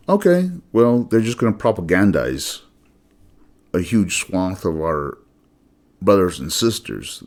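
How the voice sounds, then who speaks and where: Man, low voice, slow swearing rant with swooping pitch, blunt host delivery. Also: darkish tone. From United States. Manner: blunt, profane, emphatic. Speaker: channel host. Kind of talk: solo ranting monologue.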